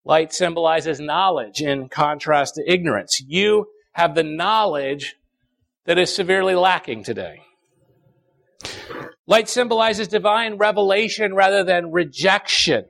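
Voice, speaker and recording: Gravelly high-voiced preacher man. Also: a bit bright. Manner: preaching with emphatic repetition and dramatic pauses. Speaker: pastor. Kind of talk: sermon.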